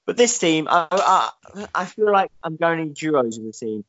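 A man's voice: on the high side, big pitch swings, moderate pace, a bit bright. A man, co-hosting a podcast in casual chat, rambling and swearing with lots of fillers. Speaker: podcast co-host. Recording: dull lo-fi podcast mic.

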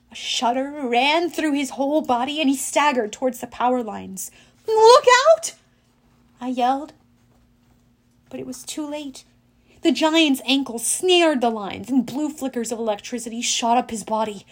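Bright high-voiced woman narrating an audiobook. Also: normal speed. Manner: expressive, dramatic reading with loud shouted lines and hushed low ends.

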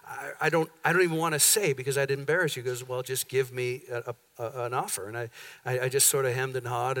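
A pastor in a church sanctuary, telling a long story to his congregation in a conversational way, acting out the dialogue as he goes. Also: mid-range voice. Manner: conversational, animated retelling with quoted dialogue. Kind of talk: sermon storytelling.

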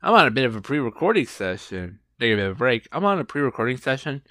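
Giggly young man with lively pitch. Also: fast, dry recording, studio quality. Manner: giggly, rambling, animated. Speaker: podcast host. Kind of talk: casual solo podcast chat.

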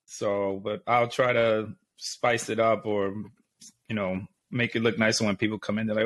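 A young man chatting casually, telling stories in an animated way, swearing and laughing often. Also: medium pitch, moderate pace. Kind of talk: casual chat.

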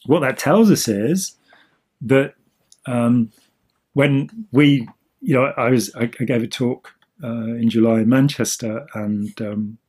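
Male co-host, husky voice, loose rambling explainer, casual chat. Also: medium pitch, slow pace, darkish tone. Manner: rambling, with many ums and restarts. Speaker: podcast co-host.

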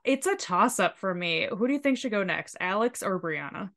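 A woman co-hosting a casual podcast, recapping a reality show in an animated, profane way and acting out quotes. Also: mid-range voice, normal speed. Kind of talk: casual chat.

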